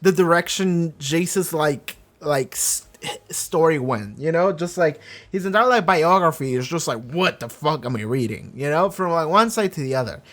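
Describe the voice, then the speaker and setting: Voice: mid-range voice, animated, moderate pace, fairly bright tone. A reaction channel host in a casual episode discussion, rambling with lots of filler, swearing freely, and briefly acting out characters' lines.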